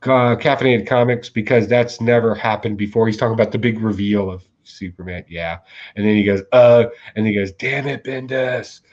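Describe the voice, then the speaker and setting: A man co-hosting a casual comics podcast, telling animated stories and acting out the quotes, laughing often. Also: fairly low pitch, a little fast, dull audio. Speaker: podcast co-host. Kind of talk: casual chat.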